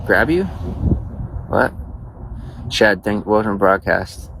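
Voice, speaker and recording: A man's voice: on the low side, animated, slow pace, vocal fry, pauses often, fairly bright tone, poor audio. Slangy man livestreaming by traffic. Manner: slangy, loose, talks straight to viewers. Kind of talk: casual live-stream chat.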